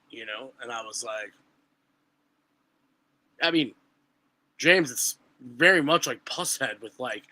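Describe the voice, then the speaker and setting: A man, telling stories on a podcast in an animated, profane way. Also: mid-range voice, takes it slowly, pauses often. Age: 20s. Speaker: guest musician. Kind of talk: casual podcast chat.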